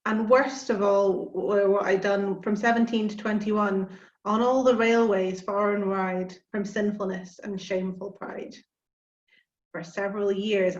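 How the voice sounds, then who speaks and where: A woman's voice: mid-range voice, echoey room, highs cut off. Woman reading a bouncy rhyming poem. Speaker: poetry reader. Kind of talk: reading a comic poem aloud.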